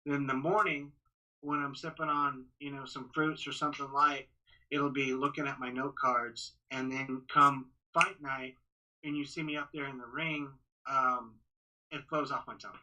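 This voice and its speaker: Bright-voiced man, halting podcast talk. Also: mid-range voice, little pitch movement, lo-fi sound. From Texas. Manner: halting, many restarts and fillers. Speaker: ring announcer, guest. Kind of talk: casual interview talk.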